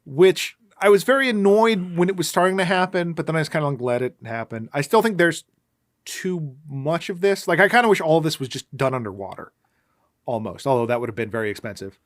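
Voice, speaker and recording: A man's voice: a little high, animated, fairly quick, no echo, studio quality. A man co-hosting a podcast, recapping a movie in casual chat with a sarcastic, ranting manner. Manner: sarcastic, ranting, puts on silly voices. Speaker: podcast co-host.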